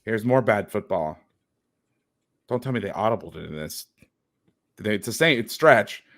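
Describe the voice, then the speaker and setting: A man's voice: on the low side, animated, moderate pace, a bit bright. A man hosting as a football coach, breaking down game film on a video call with sarcastic, exasperated commentary.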